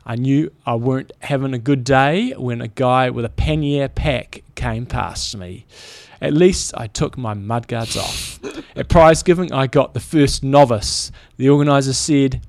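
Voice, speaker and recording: Brief: podcast co-host, man in his forties, gravelly and dry-sounding, easygoing chat. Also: medium pitch, a little slow, few pauses, no echo. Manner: easygoing, reads listener stories aloud. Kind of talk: casual chat.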